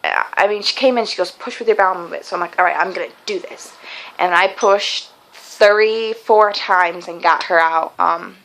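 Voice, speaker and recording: A woman's voice: on the low side, moderate pace, a bit bright, poor audio. A young woman telling a long personal story in a casual vlog, chatty and rambling, with many fillers and restarts. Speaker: vlogger.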